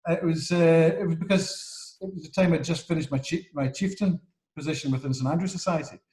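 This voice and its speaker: A man's voice: fairly high pitch, fairly even intonation, a little fast, a little mellow, echoey room, rough recording. A man hosting an interview over a video call, rambling, with many restarts and fillers. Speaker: interview host. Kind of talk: casual interview chat.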